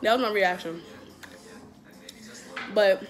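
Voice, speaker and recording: A young adult woman vlogger telling a casual storytime while eating, animated and profane, laughing often. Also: medium pitch, takes it slowly.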